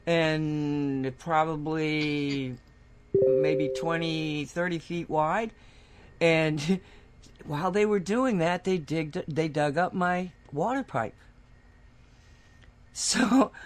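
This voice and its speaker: A woman's voice: sits low, slow. A woman co-hosting a radio talk show, telling a long anecdote in casual chat and laughing often. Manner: chatty storytelling, laughs often.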